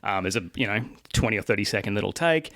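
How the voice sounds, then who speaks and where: Animated man telling stories. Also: lowish voice, quick pace, no echo, studio quality. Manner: animated storyteller, frequent restarts and swearing. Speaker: guest, actor. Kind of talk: casual anecdote telling.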